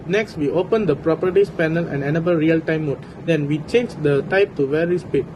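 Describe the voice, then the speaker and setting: A man's voice: on the high side, fairly quick. Young man reading a tutorial over traffic noise. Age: young adult. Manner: steady, scripted delivery. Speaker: student presenter. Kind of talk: read-out tutorial narration.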